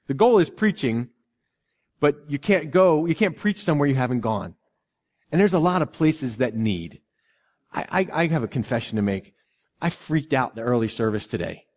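A man preaching a sermon as pastor of a church, in a lively, conversational way, often restarting and repeating himself. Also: on the high side, big-room sound.

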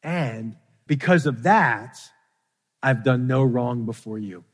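A man's voice: mid-range voice, animated, takes it slowly. Man preaching in a reverberant hall. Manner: dramatic storytelling, rising emphasis. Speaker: pastor. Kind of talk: sermon.

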